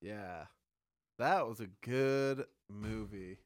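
A man's voice: lowish voice, very slow, no room sound, clean studio sound. A man hosting a podcast, chatting casually with skeptical questions and easy laughter. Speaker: podcast host. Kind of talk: casual chat.

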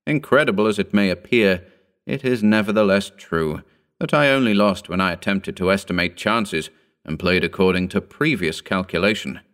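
A man narrating a Victorian short story in a measured, formal reading style. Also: low-pitched, a bit bright, clean tone.

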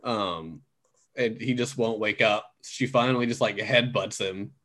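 A man in casual chat, relaxed and agreeable, trading opinions with a co-host. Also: fairly low pitch, a little slow. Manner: relaxed, agreeable, brief backchannels.

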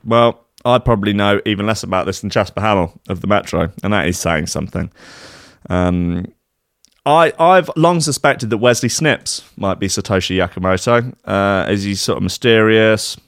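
A man's voice: fairly low pitch, normal speed, no echo, studio quality. Rambling man reading odd news. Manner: rambling, sarcastic asides, many fillers. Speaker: podcast host reading odd news stories. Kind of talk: casual comic news reading.

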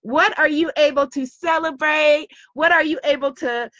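A woman's voice: high voice, normal speed, a bit bright, no echo, muffled recording. A woman hosting a live online spiritual gathering, greeting viewers and speaking in an effusive, affirming way with lots of repeated phrases. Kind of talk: spiritual live-stream talk, reading chat comments.

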